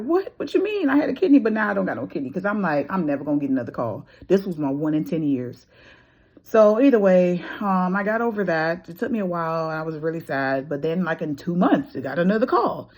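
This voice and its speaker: A woman in her thirties telling her own story casually, acting out the voices of people she quotes. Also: deep voice. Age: 30s. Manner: animated, acts out quoted dialogue.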